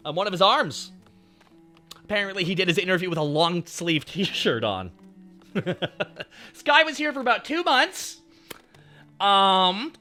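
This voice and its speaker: A male streamer with a high voice spins an animated, swear-heavy story for his stream. His delivery swings widely, from low grumbling to loud outbursts. Faint music plays underneath. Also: moderate pace. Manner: animated, profane, swings between muttering and shouting. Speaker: VTuber streamer.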